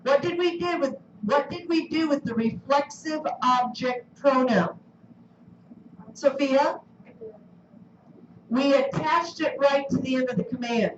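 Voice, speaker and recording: High-voiced woman teaching a class. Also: a little hiss or hum. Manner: questioning, coaxing students. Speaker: Spanish teacher. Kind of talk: classroom lesson. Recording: roomy, distant, dull classroom recording.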